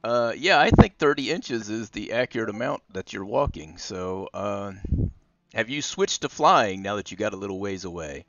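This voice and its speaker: A man's voice: fairly low pitch, animated, normal speed, fairly bright tone, no echo, dull audio. A man narrating as game master of a tabletop game, drawling with many fillers.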